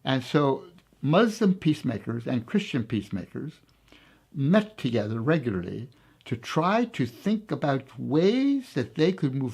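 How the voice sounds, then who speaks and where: A man being interviewed, telling a story in a reflective, hesitant way with many pauses and fillers. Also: medium pitch, creaky, a little mellow, breathy edge.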